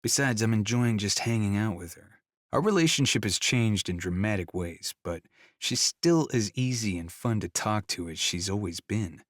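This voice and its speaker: A man with a fairly low voice narrates a first-person romance in an easygoing storytelling way. His close studio mic gives a dry sound with no room. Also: normal speed, fairly bright tone, dry recording. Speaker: audiobook narrator.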